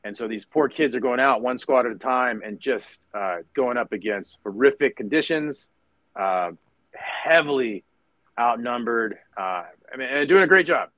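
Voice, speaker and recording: A man's voice: medium pitch, normal speed, no room sound, muffled recording. A man in his forties, a former Marine officer, telling stories in a casual interview and acting out the voices of people in them. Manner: animated storyteller who acts out voices in anecdotes.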